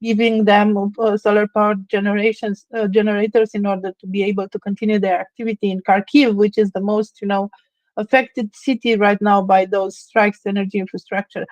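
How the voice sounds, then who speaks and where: A woman from Romania, telling a story in an online chat in an earnest, emotional way with many pauses. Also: mid-range voice, flat delivery, darkish tone, no room sound, dull audio. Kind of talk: casual chat.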